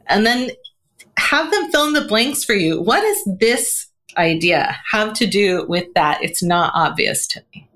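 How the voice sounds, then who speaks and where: A woman talking as a guest on a podcast interview, animated and laughing often, with lots of "um" and "you know". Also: mid-range voice, moderate pace. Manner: animated, acts out quoted voices, laughs often; frequent fillers like "um" and "you know". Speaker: guest, communication coach.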